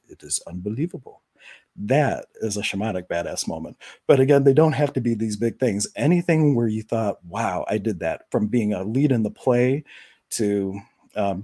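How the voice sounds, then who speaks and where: A man hosting a live stream, talking casually about confidence and spiritual practice in a relaxed, rambling way with many fillers. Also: fairly low pitch, breathy edge, no echo, clean studio sound. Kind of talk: casual spiritual talk to viewers.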